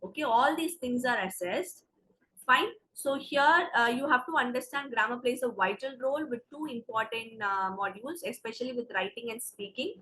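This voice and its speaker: A woman's voice: on the high side, normal speed, bright, forceful tone, poor audio. A woman with an Indian English accent teaching an exam preparation class, explaining step by step and checking in with "okay". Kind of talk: classroom lecture.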